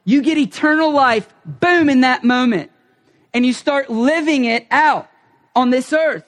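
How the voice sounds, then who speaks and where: A man preaching with fervor, his voice sitting very high for a man. He drops to quiet, intimate lines and then climbs to loud, urgent calls, acting out the words of people praying as he goes. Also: a little slow. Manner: passionate, emphatic, swings from hushed to loud; acts out short spoken prayers and quoted lines. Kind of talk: passionate sermon.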